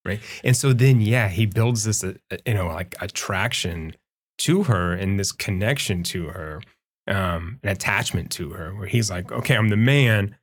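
A man's voice: deep voice, a little slow, slightly rough. A man co-hosting a podcast, eagerly retelling film scenes and often checking in with "right?". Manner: enthusiastic, retells scenes with acted quotes, keeps saying right. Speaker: podcast co-host. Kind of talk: casual film discussion.

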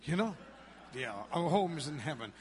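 A man's voice: fairly high pitch, lively intonation, normal speed, darkish tone, a little hiss or hum. A Malaysian man in his fifties, a pastor preaching a sermon with a Malaysian English accent, emphatic and calling out questions to the congregation. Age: 50s. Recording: reverberant hall.

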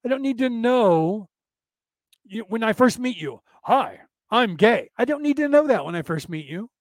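High-voiced sarcastic rambling man, dry sound. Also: lively intonation, normal speed, a little mellow, no echo. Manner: rambling, sarcastic, profane, acts out quoted exchanges. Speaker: podcast host teaching a class. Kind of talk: casual lecture-style monologue.

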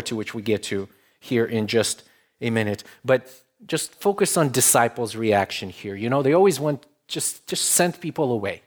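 A man's voice: medium pitch, a bit bright. A man preaching a sermon in a conversational way, building to emphatic stretches. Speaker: pastor.

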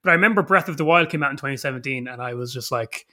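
A man in his thirties chats on a podcast with a bright, sharp tone. He rambles and swears freely, getting animated as he talks through his thoughts. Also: medium pitch, rapid-fire. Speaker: podcast co-host. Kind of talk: casual chat.

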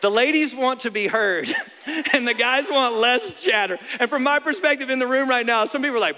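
High, bright-voiced pastor in a reverberant hall. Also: male voice, normal speed. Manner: animated, joking, repeats phrases for emphasis. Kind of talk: sermon. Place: large church auditorium.

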